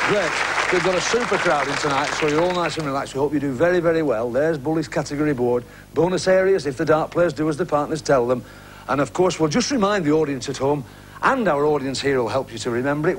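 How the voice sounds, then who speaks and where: A man hosting a TV game show from a studio, chatting and joking with contestants. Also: on the high side. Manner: jokey, chatty banter with contestants. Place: TV studio with live audience. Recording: 1980s TV broadcast, loud crowd and noise.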